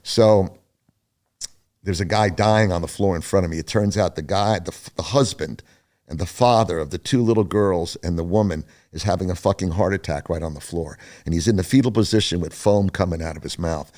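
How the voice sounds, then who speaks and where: An older man, a podcast guest, telling a story casually, animated and profane. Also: sits low, fairly quick.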